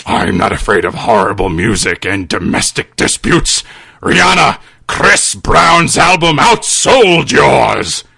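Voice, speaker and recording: A man voicing a cold, scornful male necromancer villain with a slow, sneering delivery. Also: mid-range voice, big pitch swings, vocal fry, pushed and bright, breathy edge, no room sound, pitched below the performer's own voice, full character voice.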